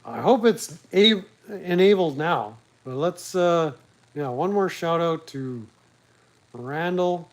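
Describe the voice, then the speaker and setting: Slow-talking guy rambling on his home livestream, swears a lot, jokes at himself. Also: fairly high pitch, animated, rough recording. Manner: rambling, crude, self-mocking. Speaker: host of a live talk stream. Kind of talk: casual chat.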